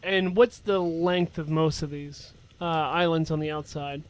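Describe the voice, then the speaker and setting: A man with a fairly high voice plays a tabletop game. He keeps asking the game master questions about the scene in a curious, plain way. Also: steady tone, a little slow, smooth. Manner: inquisitive, asking for details. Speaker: player.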